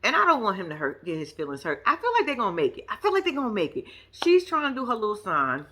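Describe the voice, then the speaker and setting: Animated woman recapping a reality show. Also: medium pitch, fast, breathy edge. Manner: chatty, blunt, profane, laughs often.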